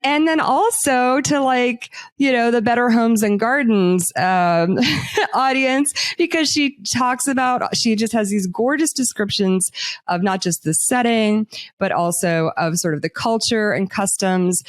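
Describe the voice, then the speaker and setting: A woman's voice: on the high side, measured pace, no echo. Woman book club host, chatty and loose, dry close sound. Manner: chatty with many fillers. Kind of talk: casual interview.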